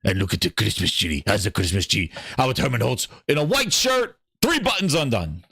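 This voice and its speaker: A man's voice: fairly low pitch, a little fast, vocal fry, breathy edge, dry recording, studio quality. A man hosting a gaming show, joking and exclaiming in a comedic livestream chat. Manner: animated, joking, exclaiming, laughing often.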